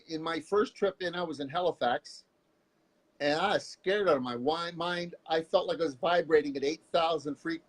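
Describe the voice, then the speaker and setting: A man from Canada talks openly in a relaxed interview, telling stories with lively energy. His voice sits fairly high for a man. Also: poor audio. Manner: animated, candid storyteller who jumps into voices. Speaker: guest. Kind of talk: casual interview storytelling.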